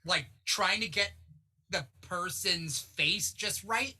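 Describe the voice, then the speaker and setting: A man's voice: high-pitched, takes it slowly, slightly rough. A man hosting a podcast in casual chat, joking around and reading out viewer comments. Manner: animated, reads out chat comments, jokey. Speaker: podcast host.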